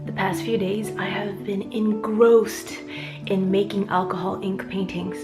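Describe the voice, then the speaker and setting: A woman's voice: medium pitch, flat delivery, unhurried, music in the background. A woman narrating her food vlog at home in a chatty, playful way. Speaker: food vlogger.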